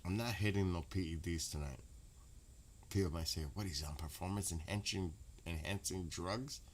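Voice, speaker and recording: Deep-voiced New man chatting casually. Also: moderate pace, slight background noise. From New York. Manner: rambling, profane, laughs loudly. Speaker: streamer. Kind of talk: casual late-night stream chat.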